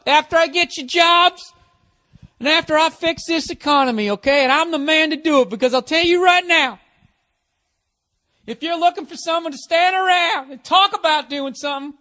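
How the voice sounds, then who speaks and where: A man's voice: very high-pitched, moderate pace, sharp tone, voice pushed up. A man voicing a blustering, macho male presidential candidate giving a bombastic stump speech. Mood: boastful.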